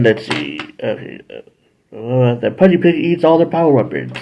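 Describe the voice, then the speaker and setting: A man hosting a casual episode review, rambling and correcting himself, now and then jumping into high acted voices. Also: very animated, normal speed, vocal fry, lo-fi sound, a little hiss or hum. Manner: rambling, self-correcting, jumps into high-pitched character voices. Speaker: show host reviewing episodes.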